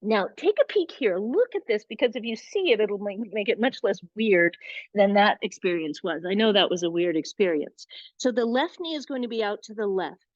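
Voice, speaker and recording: A woman's voice: mid-range voice, lively intonation, moderate pace, no room sound, highs cut off. A woman leading a live yoga class, chatty and encouraging, with playful asides. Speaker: yoga teacher.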